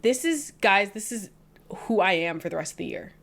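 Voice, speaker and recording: A woman's voice: mid-range voice, animated, normal speed, gravelly, a bit bright. A woman from the American South co-hosting a podcast, talking in a playful, joking, self-mocking way. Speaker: podcast co-host. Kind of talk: casual chat.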